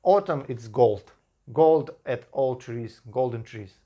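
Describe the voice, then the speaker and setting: A man from Russia with a Russian accent, a native Russian speaker talking in English in a casual vlog, pausing and restarting often with simple grammar. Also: medium pitch, lively intonation, dark tone, muffled recording. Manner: halting speech with frequent restarts and simple grammar. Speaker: vlogger.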